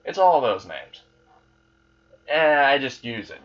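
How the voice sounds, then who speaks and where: A man voicing an arrogant young male demon who is tired of his fans, speaking with casual sarcasm and quiet menace. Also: medium pitch, very animated, takes it slowly, highs cut off, full character voice. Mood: smug.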